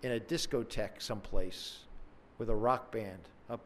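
A man's voice: on the low side, moderate pace, a little hiss or hum. A man preaching a sermon in a conversational, earnest way, acting out questions with dramatic emphasis.

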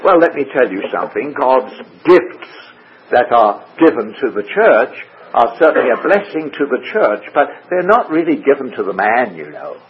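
A man teaching through a Bible passage verse by verse, measured and full of rhetorical questions. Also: mid-range voice, very animated, husky. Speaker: preacher. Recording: tinny phone-like radio broadcast.

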